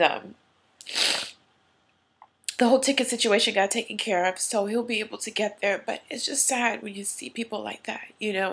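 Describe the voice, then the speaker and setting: A woman's voice: a little high, vocal fry, breathy edge. A woman vlogger earnestly telling a personal story, tearful at times, in a casual, heartfelt way. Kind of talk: emotional personal story to camera.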